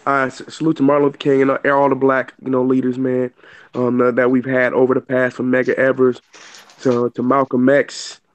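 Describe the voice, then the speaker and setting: A man's voice: medium pitch, completely flat delivery, brisk, dull audio. A man speaking emphatically and at length as a guest on a casual online boxing panel, stumbling and restarting. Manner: emphatic, preachy, lots of restarts.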